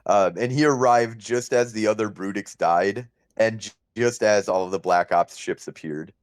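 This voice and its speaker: A man's voice: lowish voice, normal speed, no echo. Laughing man telling a battle story. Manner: animated storytelling, laughs often, many fillers. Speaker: podcast host. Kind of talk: casual podcast chat.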